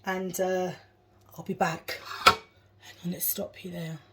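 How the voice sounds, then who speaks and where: Speaking a little slowly in a lowish, level tone, a woman vlogs from her home kitchen, chatting through every cooking step and chuckling at herself. Dishes and cutlery clatter audibly in the background.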